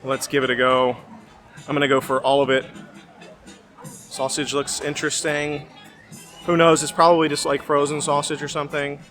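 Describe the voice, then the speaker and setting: Man, vlogger, slightly high voice, rambling, hesitant, fillers, outdoors, music behind. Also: little pitch movement, normal speed, long pauses, a bit bright. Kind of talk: casual food-tasting chat. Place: outdoor festival.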